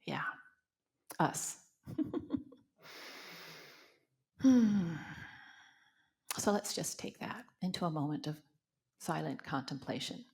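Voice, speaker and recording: A woman's voice: deep voice, lively intonation, slow pace, gravelly, pauses often, a little mellow. An older woman minister from Canada telling personal stories in a spiritual talk, acting out the voices she quotes, then leading a guided meditation.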